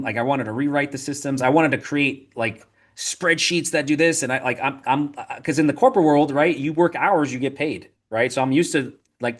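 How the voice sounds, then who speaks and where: A man, a podcast guest, telling animated stories in a casual interview, full of restarts and repeated "right?" tags. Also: medium pitch. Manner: rapid, animated storytelling with frequent "right?" and filler restarts.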